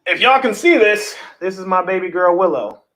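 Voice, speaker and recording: A man's voice: high voice, normal speed, low-quality recording. Chatty man hosting a livestream. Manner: relaxed, chatty, swears casually, talks to the chat. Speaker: livestream host. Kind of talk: casual livestream chat.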